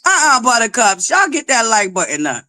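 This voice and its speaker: A woman hosting a livestream, loud and belligerent, who swears nonstop while greeting viewers and pushing for likes. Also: fairly high pitch, sing-song, moderate pace. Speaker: livestream host. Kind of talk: profane live-chat commentary.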